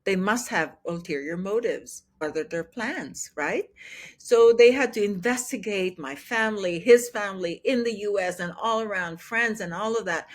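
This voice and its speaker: A woman in her sixties, a guest telling her personal testimony in an animated way and acting out what people said. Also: mid-range voice, normal speed. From Philippines. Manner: animated, acts out quoted dialogue. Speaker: interview guest.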